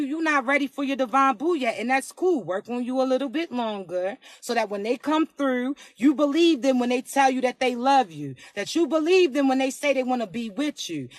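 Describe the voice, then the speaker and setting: A woman with a raspy voice giving a casual spiritual reading to camera, slangy and emphatic, often asking "you heard me". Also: high-pitched, dry recording, studio quality. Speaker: spiritual card reader.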